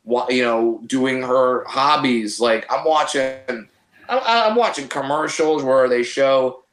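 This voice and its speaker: A man, a comedian guest, chatting casually on a podcast with halting restarts and profane jokes. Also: mid-range voice, a bit bright. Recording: echoey room.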